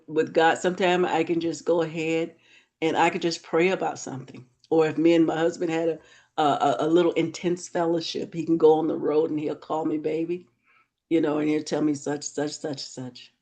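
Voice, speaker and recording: A woman with a lowish voice hosts a casual conversation. She tells stories with lots of energy, and her pitch leaps up when she is excited. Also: moderate pace. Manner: animated storyteller, voice jumps up when excited. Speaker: host. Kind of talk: casual chat.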